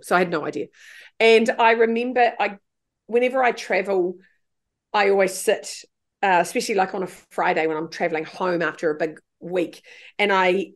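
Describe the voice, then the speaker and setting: A middle-aged woman, a podcast guest telling stories in casual chat, swearing freely and acting out her own quoted lines. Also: medium pitch.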